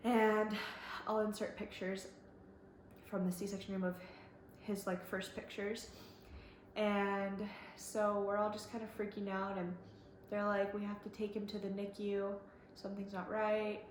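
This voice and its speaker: Speaking at a measured pace in a flat, mid-range voice, a young vlogger recounts something that happened to her, chatty and full of fillers like "like" and "um," repeating others' words. A little hiss or hum sits under the recording, made in an echoey room with faint ambience.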